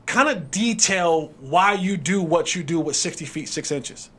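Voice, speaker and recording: A man's voice: fairly high pitch, animated, a little slow, pushed and bright. A man hosting a podcast interview, easygoing and repeating words as he shapes his questions. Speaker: podcast host. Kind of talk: casual interview chat.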